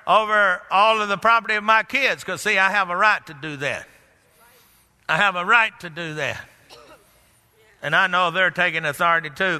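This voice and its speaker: A man's voice: high-pitched, pushed and bright, in a large hall. An older man preaching a sermon in a church, repeating phrases for emphasis and building to exclamations. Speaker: pastor.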